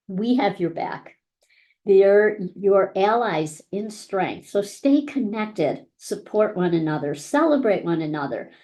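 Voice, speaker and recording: Slow, mellow-voiced woman giving a speech. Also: mid-range voice. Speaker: academy founder giving graduation address. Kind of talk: prepared speech. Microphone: live-stream microphone.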